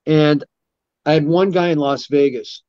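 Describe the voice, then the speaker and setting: In this relaxed interview, a middle-aged man appearing as a guest martial arts instructor rambles through animated anecdotes, imitating the people he quotes. His pitch sits a bit high and he takes his time. The audio is muffled and lo-fi, miked close and dry with no room sound at all.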